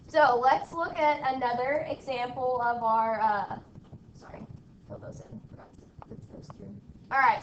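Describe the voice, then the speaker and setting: A woman teacher leading a math lesson in a classroom, drilling her students with call-and-response and a frequent "okay?". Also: a little high. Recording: echoey room from far off, faint background noise.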